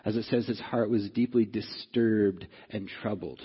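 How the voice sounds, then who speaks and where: An earnest male pastor preaching in a husky, breathy voice of middle pitch. His words ring out with a long reverb through a large hall. The sound is a little dull. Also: steady tone, measured pace. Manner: earnest, repeats "right?" to the congregation; rises in pitch and force when stirred. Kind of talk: sermon.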